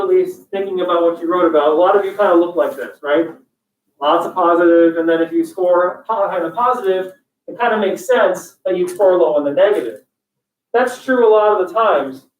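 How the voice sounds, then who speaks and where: A man's voice: high voice, brisk, a little hiss or hum. A male college instructor giving a classroom lecture, joking and going off on tangents while quizzing his students. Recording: echoey classroom, distant dull mic.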